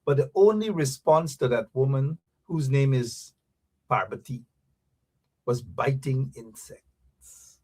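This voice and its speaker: A man's voice: mid-range voice, takes it slowly, pauses often, darkish tone, slightly rough. A man with a Guyanese accent hosting a radio show, giving a mocking political commentary full of repeated taunts.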